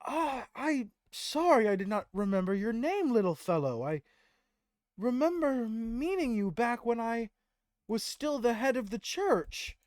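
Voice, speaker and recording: A man performs a full character voice pitched well above his own, very high, sing-song, a little slow and a little mellow, voicing a kindly, formal former head of a church. The recording is studio quality with no room sound.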